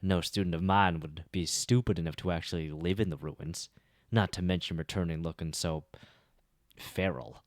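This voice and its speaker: A man's voice: low voice, fairly even intonation, moderate pace, dry recording, clean studio sound, natural voice. A man voicing a brash, easygoing huntress in an audiobook reading, blunt and mocking. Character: brash relaxed huntress woman.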